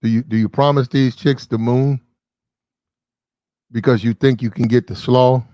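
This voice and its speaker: A man's voice: medium pitch, fairly even intonation, normal speed, warm tone, dry recording. Man, livestream host, blunt and disbelieving, swears casually; dry, close sound. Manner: blunt, incredulous, swears freely. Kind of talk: casual commentary.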